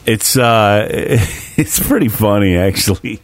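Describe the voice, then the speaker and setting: A man's voice: lowish voice, animated, slow, no echo. A man in casual chat, rambling through a story with lots of swearing and laughs.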